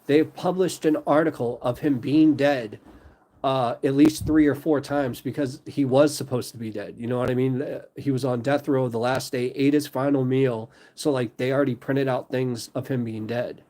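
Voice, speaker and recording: A man chatting casually as host of a live stream, rambling and stacking fillers. His voice sits at an ordinary middle pitch. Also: fairly even intonation, normal speed, mellow.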